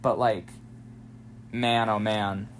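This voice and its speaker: A man streaming a video game, chatting casually and thinking aloud as he plays, excitable and quick to swear. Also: fairly low pitch, a crowd in the background. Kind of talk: casual let's-play commentary.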